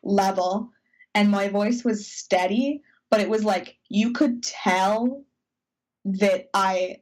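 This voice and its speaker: Woman telling a story quickly. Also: mid-range voice, rough recording. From United States. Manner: animated, quick, emotional telling with quoted inner voices. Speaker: podcast cohost. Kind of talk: casual storytelling chat. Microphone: video call.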